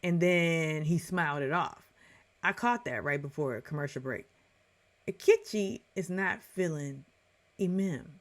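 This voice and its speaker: A woman commenting on a reality show in a casual, opinionated rant, animated and quick to act out other people's lines. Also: low voice. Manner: opinionated, animated, puts on voices when quoting.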